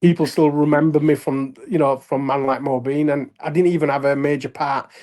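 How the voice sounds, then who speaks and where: Man, Yorkshire accent, casual interview guest, lively anecdotes, laughs often. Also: a little high, a little fast. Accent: Yorkshire English. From Leeds, England. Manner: animated anecdotes with frequent laughs and acted-out quotes. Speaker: guest, wrestler and actor. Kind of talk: casual storytelling chat.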